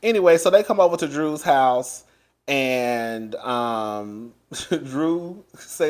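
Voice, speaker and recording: A man giving a casual recap of a reality show, loud and animated, laughing often and chatting straight to his listeners. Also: medium pitch, slow. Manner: chatty, addresses listeners as girl. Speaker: TV show reviewer.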